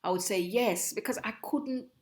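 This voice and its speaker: A middle-aged woman from Jamaica, telling her own story as an interview guest in a reflective, halting way, often breaking off and restarting. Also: mid-range voice. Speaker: guest, host's mother. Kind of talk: personal storytelling.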